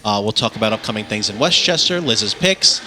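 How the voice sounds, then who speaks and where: A man's voice: lowish voice, lively intonation, fairly quick. A man hosting a casual podcast from a pub, upbeat as he introduces the break and the venue. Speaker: podcast host. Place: Irish pub.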